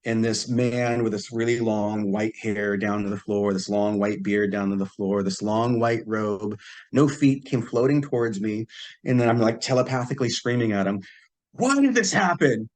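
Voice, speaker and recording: A man, a podcast guest, telling a personal story in a relaxed way and acting out the quoted dialogue. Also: fairly low pitch, moderate pace. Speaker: podcast guest, psychic healer. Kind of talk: casual storytelling.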